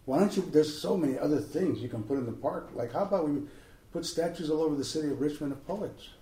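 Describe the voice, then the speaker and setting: A man, an author, giving an animated, jokey talk and Q&A to a live audience, slipping into impressions. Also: a little high, fast talker. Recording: roomy hall, voice from a distance.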